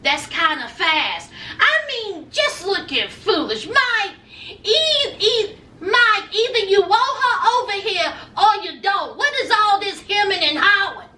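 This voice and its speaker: A woman's voice: very high voice, animated, measured pace, sharp tone, roomy sound, recorded from a distance, slight background noise. A woman giving sassy, dramatic commentary in a TV recap vlog, full of folksy slang. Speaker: reality TV recap vlogger.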